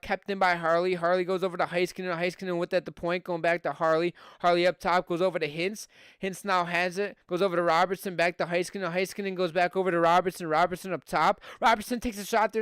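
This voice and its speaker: A man's voice: sits high, steady tone, quick pace, fairly bright tone, clean tone, dry recording, studio quality. A young man from Buffalo with a Western New York accent, a podcast host doing casual live hockey play-by-play on a stream, chatty with fillers and rising on scoring chances.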